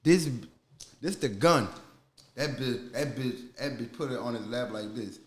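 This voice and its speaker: A man from New Orleans with a New Orleans accent, a podcast guest telling stories in profane, animated casual talk and acting out voices. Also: medium pitch, a little slow, slight background noise. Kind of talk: casual storytelling chat.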